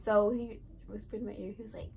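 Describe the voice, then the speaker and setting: A woman's voice: mid-range voice, fairly even intonation, fast, vocal fry, a little mellow, a little hiss or hum, low-quality recording. A teenage girl vlogger telling a casual storytime, rambling and giggly, full of "like" and "right". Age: teens.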